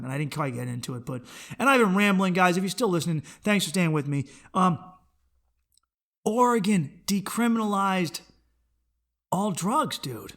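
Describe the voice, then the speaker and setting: A young adult man hosting a podcast, rambling and swearing freely as he rants, bursting into loud animated outbursts. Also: high voice, fairly quick. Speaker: podcast host. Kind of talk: casual solo podcast rant.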